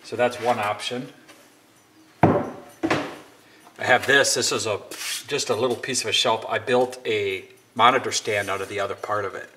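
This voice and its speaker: Low-voiced man in a noisy workshop. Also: steady tone, measured pace, pauses often. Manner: rambling, self-deprecating joking. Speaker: DIY woodworker. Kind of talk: casual how-to narration. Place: home workshop. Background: workshop noise, sanding and clicks.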